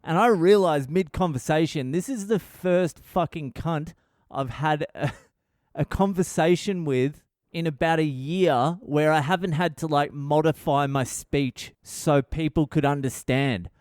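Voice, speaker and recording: A middle-aged Australian man hosts a podcast, telling stories in a blunt, profane, rambling monologue. His voice is on the high side and a little mellow, his pace a little slow, and the recording is studio quality with no echo.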